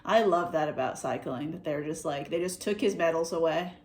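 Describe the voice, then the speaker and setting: A woman's voice: deep voice, fairly quick, a little mellow. A young woman chatting casually and joking while crafting at home with a friend. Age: young adult. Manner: playful, jokey, laughs often. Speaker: vlogger. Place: home, indoors.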